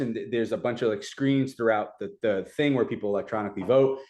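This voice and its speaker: Animated man telling a story. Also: lowish voice, brisk, few pauses. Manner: animated retelling, many fillers. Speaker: community advocate. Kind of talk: casual storytelling.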